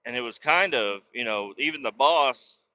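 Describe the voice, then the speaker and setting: A man's voice: mid-range voice, expressive, normal speed, pushed and bright, dull audio. A man hosting a podcast, telling a rambling, profane story in a casual, blunt way. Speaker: podcast host.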